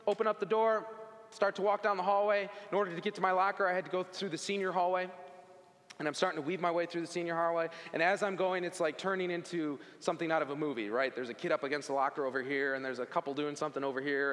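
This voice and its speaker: A man with a somewhat high voice shares a personal faith testimony, earnest and conversational, tossing in casual asides to his listeners. His words ring out with a long reverb, as if spoken in a large hall. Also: fairly bright tone. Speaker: speaker giving a faith testimony. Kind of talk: personal testimony talk to an audience.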